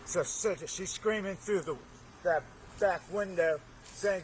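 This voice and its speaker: Agitated neighbor, male, high voice, rambling retelling, bodycam audio. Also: moderate pace, pauses often, darkish tone, slight background noise, rough recording. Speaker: neighbor and witness.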